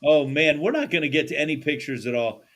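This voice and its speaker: A man's voice: a little high, quick pace, noisy background. Laid-back, foul-mouthed male podcast host. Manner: laid-back, swears freely, laughs often. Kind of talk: casual chat. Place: studio.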